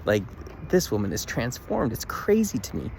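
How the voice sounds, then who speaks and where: A man's voice: mid-range voice, normal speed, vocal fry, a little hiss or hum. Earnest man telling a daily vlog story. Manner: earnest, animated storytelling with many "like" fillers. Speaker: vlogger. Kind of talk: casual daily video diary.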